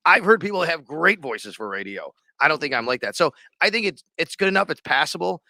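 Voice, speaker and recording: A man co-hosting a sports podcast, chatting in a loose, rambling way. His voice is bright and forward, at an ordinary pitch. The sound is dry and close. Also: animated, fast, hardly any pauses, no room sound. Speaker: sports radio and podcast host. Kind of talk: casual sports podcast chat.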